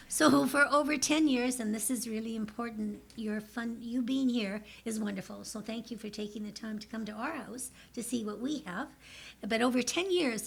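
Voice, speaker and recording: Gravelly-voiced woman in her seventies. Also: mid-range voice. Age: 70s. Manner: warm, emotional, chatty. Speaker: seniors group member speaking to city. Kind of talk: public presentation.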